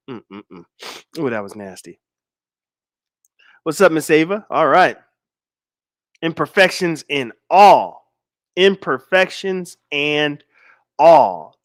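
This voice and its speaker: A man in his forties talks to his livestream audience, trading easy banter with the chat. When he makes a point, he slows down and leans hard on each phrase. His voice sits a touch high and comes through close and dry. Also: fairly bright tone, dry recording. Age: 40s. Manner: slow, emphatic stress on key lines; laid-back banter with viewers. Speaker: livestream host. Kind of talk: livestream talk, reading chat comments.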